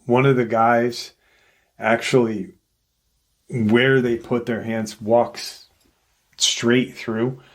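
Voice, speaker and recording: With a mid-range voice and level tone, a channel host slowly and casually rambles through an eerie encounter, giving each quoted person their own acted-out voice.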